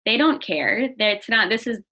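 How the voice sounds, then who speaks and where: Bright-voiced earnest young woman. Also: mid-range voice, lively intonation, moderate pace, vocal fry. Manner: earnest, open, restarts often. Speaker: guest. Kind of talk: candid personal interview. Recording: dull lo-fi audio.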